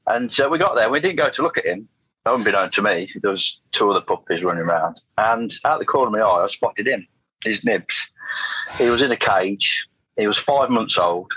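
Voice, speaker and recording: Interview guest: middle-aged man, bright and forceful tone, anecdotal and rambling, dry sound. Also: lowish voice, expressive, a little fast, slightly rough, dry recording, rough recording. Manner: rambling, anecdotal, frequent restarts and fillers. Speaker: guest, motorcycle test rider. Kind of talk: casual storytelling interview.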